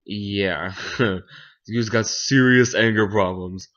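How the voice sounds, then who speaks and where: A man's voice: fairly low pitch, slow pace, fairly bright tone. A young man casually retelling a fairy tale in slang, flippant and jokey, briefly acting out the characters. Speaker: storyteller. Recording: dull lo-fi home recording.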